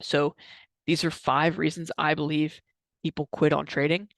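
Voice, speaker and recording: Energetic man with a gravelly voice. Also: a little high, moderate pace, dry recording. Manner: energetic, repetitive, filler-heavy. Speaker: trading coach vlogger. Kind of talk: motivational talk to camera.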